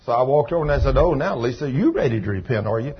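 A man preaching a sermon, telling healing stories in a folksy way that moves from hushed retelling to loud praise. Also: medium pitch, lively intonation, fast talker. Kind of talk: sermon storytelling. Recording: dull lo-fi recording with faint noise.

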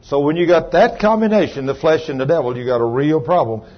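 Man, preaching, folksy, names people in the pews, husky, muffled church recording. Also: a little high, brisk. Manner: folksy, calls on congregation members by name. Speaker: pastor. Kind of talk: sermon.

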